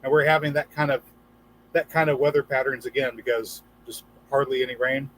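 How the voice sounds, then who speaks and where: A man hosts a casual gardening livestream, chatting, reading viewer comments aloud, and telling jokes with a few put-on voices. His medium-pitched voice is flat and brisk, and the low-quality recording has slight background noise.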